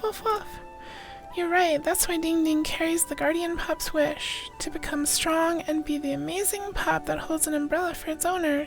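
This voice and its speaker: A woman's voice: high-pitched, poor audio. A woman streamer reading a game's story dialogue aloud in a playful way. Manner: playful, voices the characters' lines. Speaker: game streamer.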